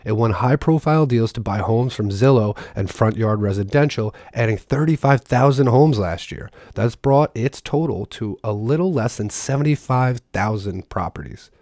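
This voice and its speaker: A man's voice: mid-range voice, expressive, moderate pace, hardly any pauses, darkish tone, no room sound, clean studio sound. Sarcastic man reading news aloud. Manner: sarcastic, breaks off to mock the text. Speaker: political commentator.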